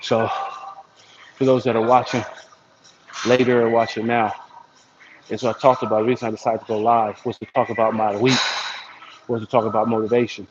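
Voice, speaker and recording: A man's voice: medium pitch, brisk, long pauses. An American man chatting casually and rambling on a livestream while at the gym, coaching himself along. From United States. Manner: rambling, self-motivating. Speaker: vlogger. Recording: dull lo-fi sound with steady noise.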